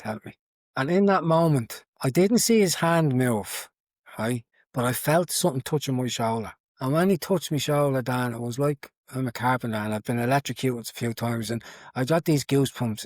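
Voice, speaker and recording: A man's voice: mid-range voice, darkish tone. A man tells his own story as an interview guest, earnest and plain, circling back over his words. His voice sits in the middle range and is recorded dry and close, with no room echo. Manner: earnest storytelling with many repeats. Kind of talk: casual testimony.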